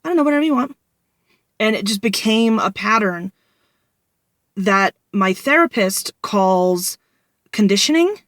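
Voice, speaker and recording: A woman's voice: mid-range voice, no echo, clean studio sound. A woman in her twenties tells a personal story in a candid vlog, rambling and venting with frequent restarts. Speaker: vlogger.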